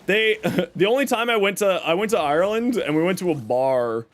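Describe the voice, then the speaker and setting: A man's voice: sits high, animated, a little fast. A Canadian man streaming and reading chat, talking casually and rambling through stories and corrections. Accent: Canadian English. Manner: rambling, chatty, self-correcting storyteller.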